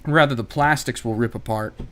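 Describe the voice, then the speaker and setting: A man's voice: medium pitch, fairly quick, a bit bright. An American man doing casual live-stream commentary while taking apart a laptop, wry and a bit profane, thinking aloud as he works. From United States. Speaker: tech repair streamer.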